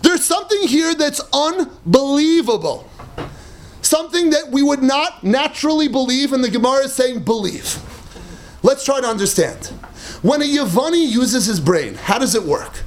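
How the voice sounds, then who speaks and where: A man gives a Talmud lecture to a class in a very high voice. His pitch leaps up and down as he makes his points with animated emphasis. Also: normal speed. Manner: animated and emphatic, mixing Hebrew and Aramaic terms, laughing at his own points. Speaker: Torah teacher.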